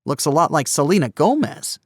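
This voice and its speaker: A man's voice: fairly high pitch, big pitch swings, a little fast, breathy edge, dry recording, clean studio sound, pitched above the performer's own voice. A man voicing a teasing, boisterous teenage boy in an audiobook, playful and needling. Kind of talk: audiobook character voice.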